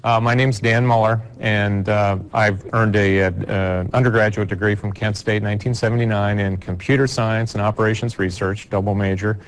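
A man executive introducing himself in a halting, stop-start way. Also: lowish voice, steady tone, slight background noise. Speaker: company executive. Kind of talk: self-introduction.

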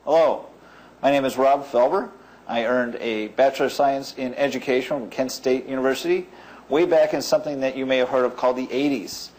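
A man's voice: mid-range voice, fairly even intonation, brisk, darkish tone, rough recording. A man in his fifties giving a wry, joking self-introduction. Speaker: marketing firm president.

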